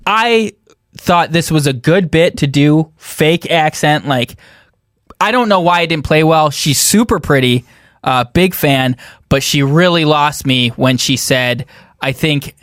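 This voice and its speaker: Young male co-host, self-mocking joker, slightly high, dry sound. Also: unhurried, fairly bright tone, smooth, no echo. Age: 20s. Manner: joking, self-mocking, fussy about grammar. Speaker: podcast co-host. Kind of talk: casual chat.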